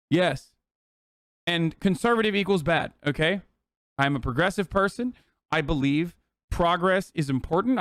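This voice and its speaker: A man's voice: high-pitched, a bit bright, no echo, studio quality. A man streaming live, reacting to clips with a heated, profane rant.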